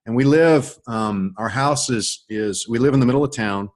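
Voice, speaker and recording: A middle-aged man telling a personal story in a casual, rambling way, with many restarts and animated stretches. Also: mid-range voice, normal speed. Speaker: author and guest on a call.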